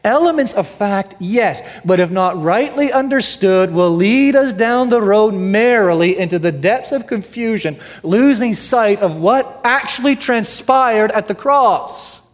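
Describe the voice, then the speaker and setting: Emphatic preacher in a reverberant church. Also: male voice, high-pitched, expressive, unhurried, few pauses. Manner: emphatic preaching, repeats phrases, asks and answers questions; swings between loud stress and quiet drops. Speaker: pastor. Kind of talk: sermon. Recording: long hall reverb.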